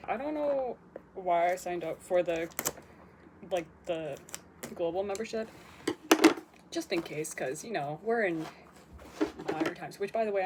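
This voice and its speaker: A young woman casually chatting through an unboxing, excitable and chatty, gasping and swearing at cute finds. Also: fairly low pitch. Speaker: vlogger unboxing K-pop merchandise. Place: bedroom with posters. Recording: home recording with audible background noise.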